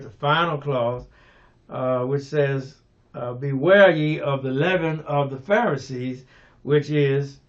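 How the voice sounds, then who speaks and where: Slow, fervent older preacher, lo-fi. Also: male voice, medium pitch. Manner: unhurried preaching with many fillers and restarts, rising to fervent emphasis. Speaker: pastor. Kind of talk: radio sermon.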